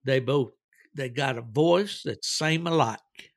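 A man voicing a folksy country auctioneer, giving a slow, drawn-out sales pitch. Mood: salesy.

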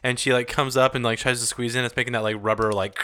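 A man's voice: mid-range voice, flat delivery, fast talker, pushed and bright, clean tone. A man co-hosting a comedy podcast, telling stories in casual banter, laughing often and swearing freely.

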